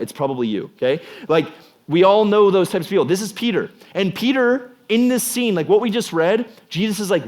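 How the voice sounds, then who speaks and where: Animated joking youth pastor man. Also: high-pitched, moderate pace. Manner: animated and jokey, acts out scenes. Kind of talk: casual youth sermon.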